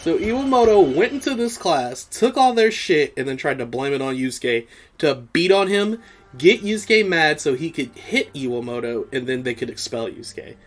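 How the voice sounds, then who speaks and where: A man's voice: fairly high pitch, normal speed. A man hosting a podcast, giving a casual anime episode recap, swearing freely and laughing often. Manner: profane, animated, laughs often. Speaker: podcast host.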